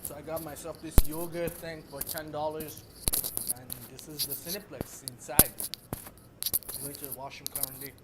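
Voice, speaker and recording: A man's voice: a little high, level tone. Hesitant young man vlogging on the street. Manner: halting, lots of "uh", self-deprecating. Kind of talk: casual walk-and-talk vlog. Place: outdoors in a city, at a bus stop. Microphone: handheld phone. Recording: phone mic with loud street noise.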